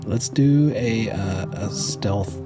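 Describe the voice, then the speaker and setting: A man's voice: fairly low pitch, slow, music in the background. A man narrating a tabletop game as game master in a casual, descriptive way, thinking aloud as he goes.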